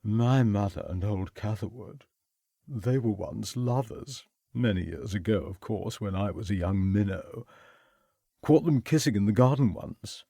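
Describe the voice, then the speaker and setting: A tipsy young toff slurs and rambles cheerfully in a lively, bouncing voice, as a male narrator puts him on. He talks a little higher and louder than the narrator's own voice, in a dry, close audiobook recording. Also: normal speed, no echo, close to an everyday voice. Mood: confiding. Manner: slurring, chatty, self-pitying. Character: tipsy, rambling young upper-class man.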